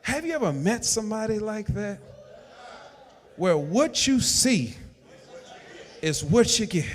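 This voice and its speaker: Pastor guy preaching, real high voice, shouts his points, big echoey church. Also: sing-song, slow pace. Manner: emphatic preaching that swells into shouted lines. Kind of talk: sermon. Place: church sanctuary. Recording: long church hall reverb.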